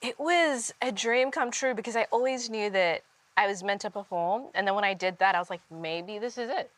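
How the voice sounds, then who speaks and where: A woman's voice: mid-range voice, a little fast, no echo. A woman comedian from Uganda with an Australian accent carrying an American R, chatting and telling stories with lots of laughter while cooking. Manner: animated, laughing storyteller. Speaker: guest comedian. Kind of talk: casual chat while cooking.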